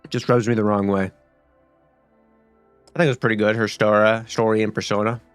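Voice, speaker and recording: A young gaming streamer speaks at normal speed in a smooth, fairly low voice with little pitch movement, rambling, swearing, and restarting sentences amid many fillers. Soft music plays underneath, and there's no room sound.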